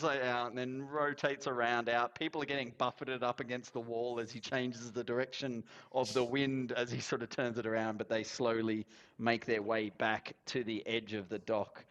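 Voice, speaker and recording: A man's voice: medium pitch, a bit bright, slight background noise. A man narrating as game master, rambling with many fillers.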